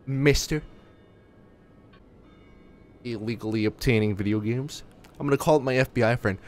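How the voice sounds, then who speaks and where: A man's voice: mid-range voice, moderate pace, pauses often, darkish tone. A man streaming a game, giving sarcastic, self-mocking commentary full of swearing and banter with his chat. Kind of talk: live gameplay commentary.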